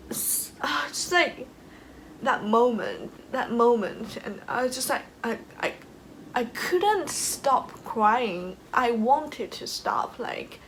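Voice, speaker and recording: A young woman from China tells a personal story straight to the camera, slowly and a little high-pitched. She gets emotional, laughs often and leans on fillers. A faint hiss sits under her voice. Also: rough recording. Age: young adult. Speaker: vlogger.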